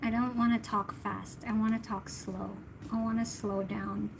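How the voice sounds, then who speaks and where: A woman's voice: fairly high pitch, little pitch movement, moderate pace, creaky, background noise. Chatty tarot reader woman from the Philippines. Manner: chatty, giggly, talks to chat viewers. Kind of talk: casual livestream chat.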